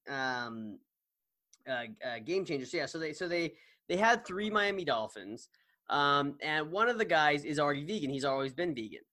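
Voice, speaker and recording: In a dry recording, a male podcast co-host with a somewhat bright, higher-pitched voice rambles casually. His chat is full of fillers and restarts.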